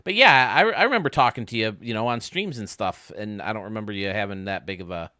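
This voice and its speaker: A man's voice: lowish voice, lively intonation, quick pace, pushed and bright, dry recording, clean studio sound. Rambling, joking male streamer. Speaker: streamer hosting a baseball game stream. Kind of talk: casual chat while playing.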